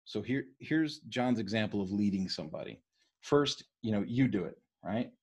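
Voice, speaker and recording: East Coast-raised male study leader, husky voice, rapid and conversational. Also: lowish voice, animated. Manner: fast-talking, keeps checking in with "right?". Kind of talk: casual teaching on a leadership book.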